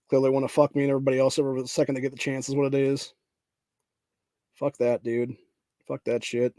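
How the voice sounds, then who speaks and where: A male podcast host vents in a furious, profane rant, tacking "dude" onto his lines. His voice sits at an ordinary middle pitch. The recording is dry and close, with no room sound. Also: completely flat delivery, a little fast, pauses often, dark tone, dry recording. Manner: profane, repeats "dude", ranting; reads headlines aloud. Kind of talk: angry political rant.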